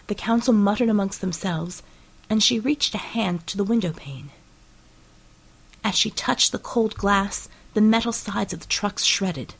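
A woman narrating an action audiobook in steady, dramatic storytelling. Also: mid-range voice, slightly rough, low-quality recording.

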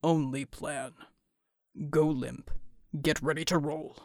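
A woman voicing a big, gruff, protective superhero man who answers in short, low, clipped lines. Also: fairly even intonation, slow, darkish tone, no echo, studio quality. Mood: strained.

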